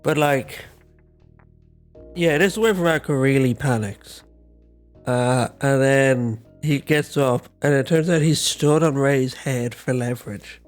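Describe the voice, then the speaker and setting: A man's voice: medium pitch, measured pace, faint music behind. A male podcast co-host in casual comedic chat, making dry, wry remarks and laughing often.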